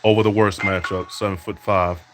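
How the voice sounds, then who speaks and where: A man with a fairly low voice trash-talks his way through a basketball video game. He imitates an announcer's calls and taunts his opponent as he plays. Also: level tone, normal speed. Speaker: podcast host playing a basketball video game. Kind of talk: trash-talking play-by-play over gameplay.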